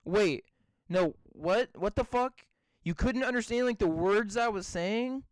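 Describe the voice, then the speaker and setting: A man co-hosting a podcast over a remote call from his bedroom, excitable and swearing constantly in casual chat. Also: high voice, unhurried, no room sound. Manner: excitable, heavy swearing, rants in rising bursts. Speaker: podcast co-host.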